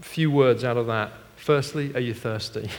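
A middle-aged man preaching a sermon as pastor, moving between hushed, earnest passages and animated, laughing stories. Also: mid-range voice, normal speed. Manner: animated storytelling with laughs and shifts from hushed to loud. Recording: long hall reverb.

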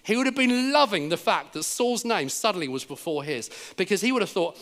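English male preacher, slightly high voice, animated storyteller who acts out quotes. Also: brisk, hardly any pauses. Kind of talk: sermon. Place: church service.

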